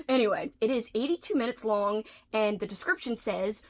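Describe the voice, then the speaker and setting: A woman's voice: medium pitch, a little fast, hardly any pauses. A woman hosting a casual vlog, chatting in a playful, talkative way and slipping into whispered asides now and then. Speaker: video host.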